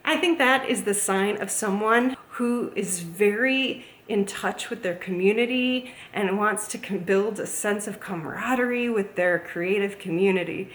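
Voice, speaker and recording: A woman's voice: medium pitch, measured pace, few pauses, a little hiss or hum. A woman chatting casually as a plant YouTuber, gushing and playful. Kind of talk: casual vlog chat. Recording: echoey room, faint ambience.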